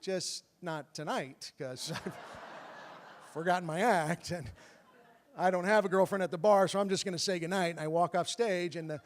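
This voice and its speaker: A man telling a true personal story on stage with comic timing and animated bursts. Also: high voice, moderate pace. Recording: long hall reverb.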